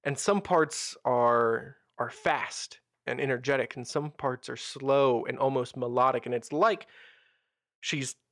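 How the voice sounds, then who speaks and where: A man narrating a tabletop role-playing game as game master, with measured, descriptive storytelling. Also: medium pitch, fairly bright tone, no room sound, clean studio sound.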